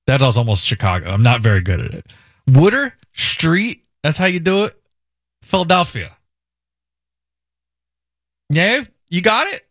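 A man hosting a radio show, talking in a lively, swinging voice that rises and falls a lot. He jokes and laughs easily. The sound is close and dry, with no room around it. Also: medium pitch, fast talker, no echo. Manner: animated, joking, laughs often. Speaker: radio host. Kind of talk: casual radio banter.

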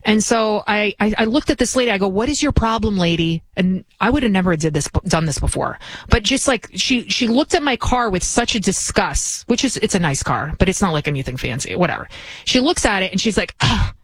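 A woman's voice: medium pitch, expressive, brisk, breathy edge, dry recording, low-quality recording. A woman in her forties hosting talk radio, telling a story in an indignant, ranting way. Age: 40s. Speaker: radio talk show host.

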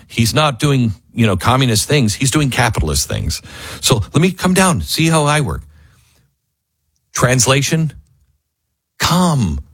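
A man hosting a talk radio show, delivering an emphatic opinion monologue that swings between loud and hushed. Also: a little high, breathy edge, no echo. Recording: dry studio mic.

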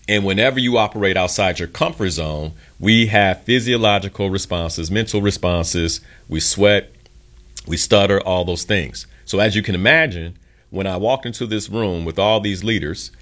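Deep-voiced earnest male storyteller. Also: fairly bright tone. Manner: earnest, emphatic, acts out quotes in his story. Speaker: podcast host. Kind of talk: motivational storytelling monologue.

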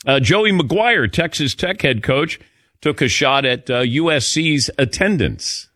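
Veteran male sports-radio host, animated, wide-ranging pitch, dry studio sound. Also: unhurried, no room sound. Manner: animated storytelling, chuckling asides. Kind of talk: casual sports talk.

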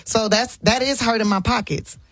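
In a dry, close recording, a woman with a husky voice speaks as an interview guest. She tells her stories bluntly in colloquial slang and keeps them lively with laughter. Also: fairly high pitch, moderate pace, no room sound. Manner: animated, laughing storyteller. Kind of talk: casual chat.

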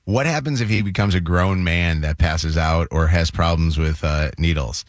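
Laid-back lower-voiced male radio host. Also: normal speed, no echo, studio quality. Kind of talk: casual call-in radio chat.

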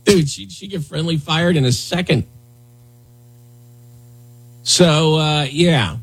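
Guy hosting morning radio, kinda husky voice, loose and sarcastic, just riffing from the studio. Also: on the high side, takes it slowly, poor audio. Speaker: radio show host. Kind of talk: casual morning radio talk.

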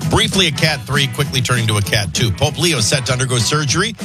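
A man's voice: medium pitch, expressive, music in the background. A man hosting a morning radio talk show, reading news and chatting with callers in a wry, conversational way while he has the hiccups. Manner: quick, conversational, wry asides.

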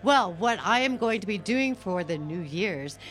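A woman's voice: medium pitch, lively intonation, a little slow, fairly bright tone. A woman who is a studio guest on a comedic radio show, talking in a giggly, earnest way.

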